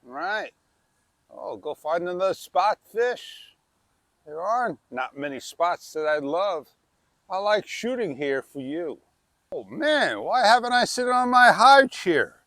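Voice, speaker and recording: A man's voice: sits high, big pitch swings, takes it slowly, a bit bright, dry recording. A man vlogging outdoors on a wireless clip-on mic, rambling casually and exclamatory, often tossing in "man". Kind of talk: casual rambling vlog talk.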